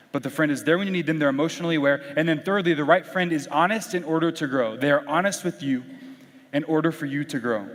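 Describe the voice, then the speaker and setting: Young man preaching in a reverberant hall. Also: on the high side. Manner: casual, animated storytelling with acted quotes. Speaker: youth pastor. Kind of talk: youth sermon with storytelling. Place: large hall with audience.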